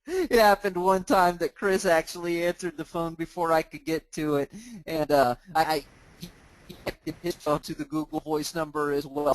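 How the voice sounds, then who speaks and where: A man hosting a live training, talking casually as he clicks through software on his screen and restarting words now and then. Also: on the high side, slight background noise, rough recording. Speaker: host of a mortgage training group.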